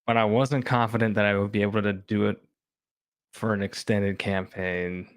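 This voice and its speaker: A low-voiced man talks through his ideas in a loose, rambling way, full of "like" and restarts. His voice is dry and close, with no room around it. He sounds like one of the regular cast in a relaxed podcast conversation. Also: moderate pace, clear, resonant tone, no room sound. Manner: rambling, filler-heavy, thinks aloud. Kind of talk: casual chat.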